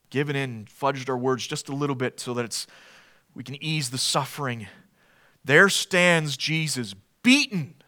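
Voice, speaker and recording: A man preaching a sermon with passion. He swings between loud, emphatic declarations and hushed, low passages, and repeats short phrases for emphasis. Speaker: pastor.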